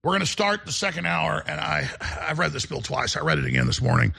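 Gravelly raspy talk radio guy, kinda high voice, rambles and restarts a lot. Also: expressive, quick pace, hardly any pauses, pushed and bright, soft background music. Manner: rambling, with many repeated restarts; emphatic and combative. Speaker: talk show host.

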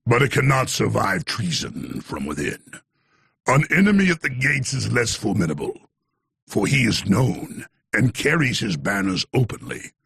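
A man voicing an ancient Roman orator, reciting slowly and solemnly in a low, gravelly voice. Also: very animated, a bit bright, dry recording, exaggerated voice. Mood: grave, declaiming. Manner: slow, solemn, declaiming. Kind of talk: dramatic recitation.

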